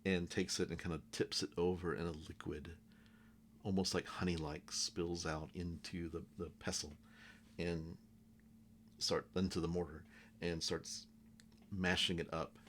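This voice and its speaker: A man with a very deep voice runs a tabletop game as game master. He narrates slowly and haltingly, pausing often to find his words, with a faint hum behind him. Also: level tone, a bit bright. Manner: halting, with many pauses and ums.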